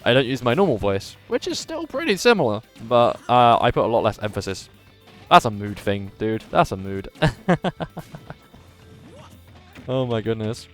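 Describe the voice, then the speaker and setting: A man calls a live video game tournament in a punchy, emphatic commentator voice and chats with his viewers between the plays. His voice sounds a little worn and strained. Faint music runs quietly underneath. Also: on the low side, unhurried, long pauses. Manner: animated commentator voice, says his voice is going. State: slightly strained voice.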